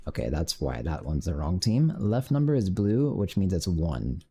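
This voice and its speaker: Man live-coding on stream, dark mellow voice, lively pitch, mutters and curses at bugs. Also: a little slow, vocal fry, few pauses, husky. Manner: mutters while coding, swears when frustrated. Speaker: game developer streaming his work. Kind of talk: casual live-coding commentary.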